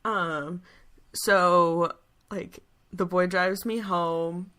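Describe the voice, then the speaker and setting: A young woman with a bright, clear tone, telling rambling stories in casual podcast chat. She laughs often and jumps up into high squeals when she quotes people. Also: steady tone, very slow. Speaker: podcast co-host.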